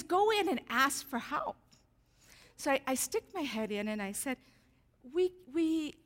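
A woman speaking as a guest at a church service, telling humorous stories about herself in a sermon. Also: sits high. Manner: animated storytelling with self-deprecating humor. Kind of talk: storytelling sermon. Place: church sanctuary. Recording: reverberant church hall.

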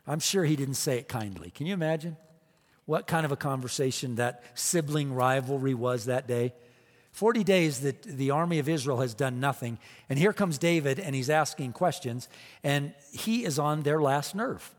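A man's voice: on the high side, animated, normal speed, in a large hall. A man preaching a sermon, emphatic and repetitive, firing off rhetorical questions to the congregation. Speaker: pastor.

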